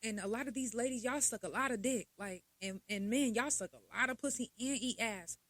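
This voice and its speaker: Woman podcast host, young adult, blunt and profane, animated, fairly high pitch. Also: a little fast, no echo. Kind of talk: casual monologue.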